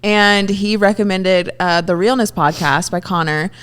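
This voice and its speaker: A woman's voice: medium pitch, a little slow, fairly bright tone, clean tone. Woman, podcast co-host, casual candid chat, laughs often, curses, mid-range voice. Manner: open, laughing, swears freely.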